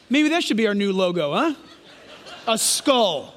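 A man's voice: high-pitched, big pitch swings, a little slow, pauses often, fairly bright tone. A man preaching a sermon as pastor, emphatic and questioning the congregation. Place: church sanctuary. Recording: long hall reverb.

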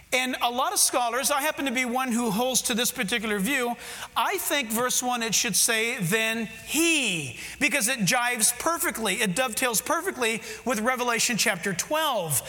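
A man's voice: very high-pitched, lively intonation, normal speed, bright, forceful tone, big-room sound. A male pastor preaching an emphatic sermon, putting direct questions to his congregation.

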